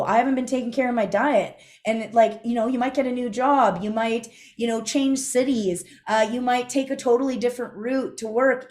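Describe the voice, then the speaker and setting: A woman's voice: a little high, darkish tone. Chatty young woman teaching a live class. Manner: chatty, conversational, asks the class questions. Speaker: instructor. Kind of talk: casual live online class. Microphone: video call.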